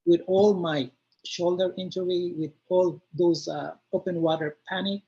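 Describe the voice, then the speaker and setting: A man being interviewed on a video call, talking in a halting way and often repeating his words as he starts a sentence. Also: sits high, fairly even intonation, dark tone, lo-fi sound. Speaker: interviewee, triathlete client. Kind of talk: casual interview over a call.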